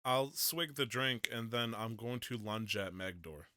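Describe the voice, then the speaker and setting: Bright, smooth-voiced man playing a tabletop game. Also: medium pitch, measured pace, dry recording. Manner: playful and animated. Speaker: player.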